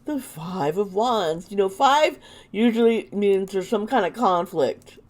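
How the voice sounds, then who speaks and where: A woman with a sore throat doing a casual tarot reading, halting and exclaiming as she turns the cards. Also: mid-range voice, expressive, a little mellow. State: sore throat, lozenge in mouth. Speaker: tarot reader and channel host.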